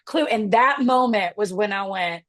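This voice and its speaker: A middle-aged woman comedian telling an animated story as a podcast guest, acting out the people she quotes. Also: medium pitch, normal speed. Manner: animated, acts out quotes in voices. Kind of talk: casual storytelling chat.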